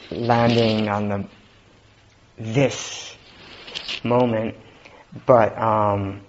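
A man with a low voice speaks slowly through a Zen dharma talk. He is relaxed and halting, often pausing on fillers. The recording is dull and lo-fi, with a faint hiss. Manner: relaxed, halting, with frequent fillers and soft laughs. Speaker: Zen teacher.

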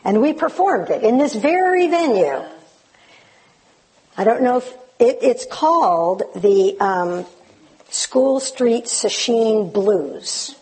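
A woman addresses a Zen community in a light, higher voice with a husky, breathy edge. She speaks slowly and hesitantly, often starting over. She gently pokes fun at herself as she talks. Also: animated, poor audio. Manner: self-deprecating, gently humorous; hesitant, with restarts. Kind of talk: informal personal remarks to a live group.

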